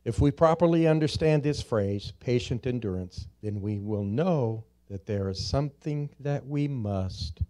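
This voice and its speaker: A man preaching a church sermon, slowly drawing out key words, rising to loud emphatic peaks and dropping to quiet, low stresses. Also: lively intonation. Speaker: pastor. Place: church sanctuary.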